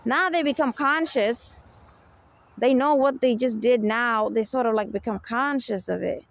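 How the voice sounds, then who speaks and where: A woman's voice: fairly high pitch, a little slow, creaky. A woman speaking in an unscripted advice monologue, emphatic and repetitive, often checking in with the listener. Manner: emphatic, keeps asking "you get me?". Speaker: self-help speaker.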